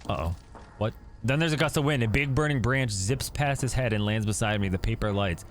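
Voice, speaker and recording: A man reading a text adventure aloud and breaking in with jumpy, excitable reactions. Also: lowish voice, brisk, slight background noise. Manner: reads story text then reacts with jumpy, excitable commentary. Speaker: gaming YouTuber.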